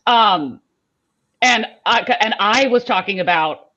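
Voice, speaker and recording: A woman's voice: mid-range voice, expressive, slow pace, bright, forceful tone. Woman co-host, rambling storyteller, many "like"s, slightly dull lo-fi sound. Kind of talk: casual chat.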